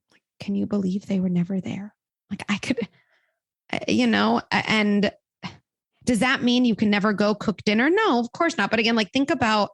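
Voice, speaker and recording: A woman psychologist giving parenting advice in conversation, animated and acting out the lines parents and children say. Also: mid-range voice, creaky, no echo. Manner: animated, acts out quoted dialogue.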